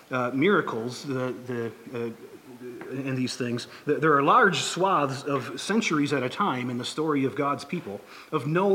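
Halting, conversational male pastor. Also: fairly high pitch, a bit bright. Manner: conversational, halting, many restarts and fillers. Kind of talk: sermon.

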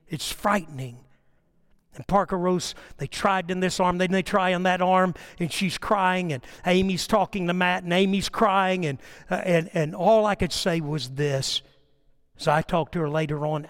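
A man's voice: high voice, steady tone, moderate pace, fairly bright tone. Older man preaching with rising passion. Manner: impassioned, storytelling preacher with swelling emphasis. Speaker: pastor. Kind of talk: sermon.

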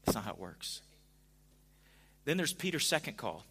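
A man preaching a sermon in a conversational way, dropping to a hush at times and rising to emphatic points. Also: mid-range voice, very animated, moderate pace, breathy edge. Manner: conversational, swings from hushed to emphatic. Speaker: pastor.

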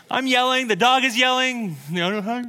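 A man preaching a sermon as pastor, telling stories with animated energy and laughing at his own jokes. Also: extremely high pitch, long reverb tail.

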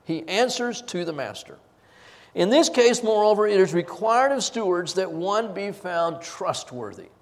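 A man preaching an expository sermon, emphatic and shifting between loud stresses and low asides. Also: animated, a little slow. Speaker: pastor. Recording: reverberant hall.

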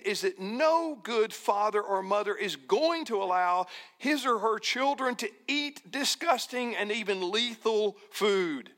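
Man, pastor, sermon, slow delivery, lively swooping pitch, emphatic repetition. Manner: slow, emphatic preaching with repeated phrases, dropping to near-whispers.

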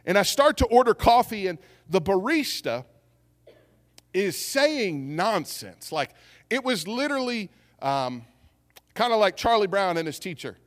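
Pastor, male, fairly high voice, lively storytelling sermon, long church reverb. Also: unhurried. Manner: storytelling, animated, acts out quotes. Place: church sanctuary.

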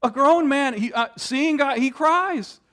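Male pastor, sermon, high voice, slow and deliberate, emphatic, dramatic pauses, restarts. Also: a bit bright.

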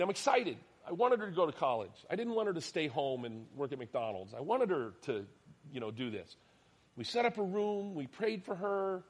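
A middle-aged male pastor delivering a sermon in an animated storytelling way. His voice jumps up loud for emphasis, then drops to a hushed near-whisper. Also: mid-range voice. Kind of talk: sermon with personal stories.

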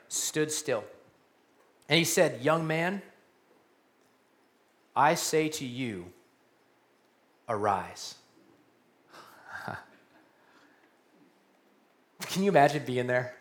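A man preaching a sermon, animated, repeating key phrases and dropping to a hushed voice for emphasis. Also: fairly high pitch. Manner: animated preaching, repeats key lines, drops to quiet soft tones for emphasis. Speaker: pastor.

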